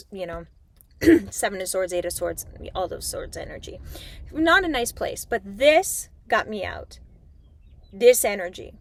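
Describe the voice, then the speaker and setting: A middle-aged woman giving an animated, chatty spiritual talk as a tarot reader, swearing casually as she addresses her viewers. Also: mid-range voice, no echo.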